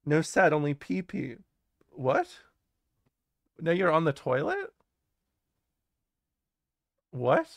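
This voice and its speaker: A young man chats with his stream audience in a loose, rambling way, reading comments aloud and answering with jokes, curses and laughter. His voice sits a little higher than most men's. The sound is close and dry, with no room echo. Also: fairly bright tone. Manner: rambling and jokey, swears, laughs often, reacts to chat. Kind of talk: casual live-stream chat, reading chat aloud.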